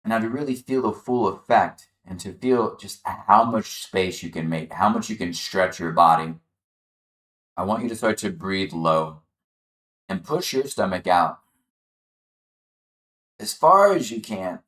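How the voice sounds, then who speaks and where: A man leading a chair yoga class, calmly guiding the listener through breathing and gentle movement. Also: deep voice, measured pace, long pauses, reverberant. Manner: calm, encouraging, guiding the breath step by step. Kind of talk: guided exercise instruction.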